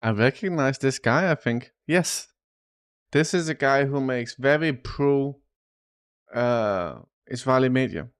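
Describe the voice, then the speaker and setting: A man's voice: mid-range voice, expressive, slow, clear, resonant tone. A man live streaming and chatting casually about the news, loose and swearing, calling his viewers "dude" often. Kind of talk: casual chat.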